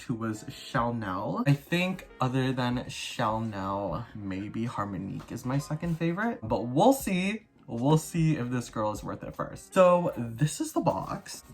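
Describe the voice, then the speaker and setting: Male vlogger, casual, gushing and filler-heavy, mid pitch, faint music bed. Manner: chatty, upbeat, lots of "like" fillers. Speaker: doll collector YouTuber. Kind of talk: casual unboxing vlog.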